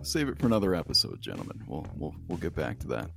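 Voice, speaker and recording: A man's voice: a bass voice, huge pitch swings, fast talker, gravelly, a bit bright, soft background music. A man hosting a casual podcast chat, reading out headlines and joking with his co-hosts, laughing often. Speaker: podcast host.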